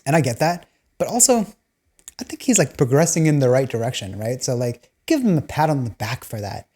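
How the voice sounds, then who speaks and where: A woman with a warm, slightly rough bass voice hosts a video, talking a little fast with big swings in pitch. In a casual storytelling monologue, she explains personality types through laid-back, jokey stories and laughs between lines.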